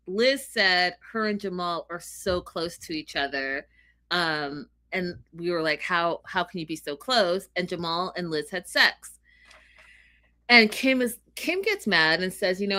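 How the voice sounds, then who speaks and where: A woman co-hosting a casual reality TV recap, retelling the drama in an animated way. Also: on the low side. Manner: animated retelling of gossip with quoted voices. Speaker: podcast co-host.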